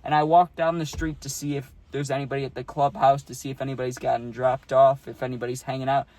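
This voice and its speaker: A man's voice: medium pitch, little pitch movement, fast talker, a little mellow, no room sound. A man casually telling a story for his vlog, laid-back and slangy, saying "dude" a lot, recorded outdoors on a phone. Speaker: YouTube storyteller. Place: outdoors on a hot day.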